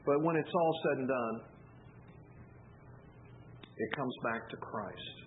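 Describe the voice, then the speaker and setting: A man's voice: medium pitch, slow. A man giving a sermon as pastor, telling stories in a loose, conversational way with fillers and restarts. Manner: conversational, rambling storytelling with fillers. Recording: phone-like narrow sound, faint hiss.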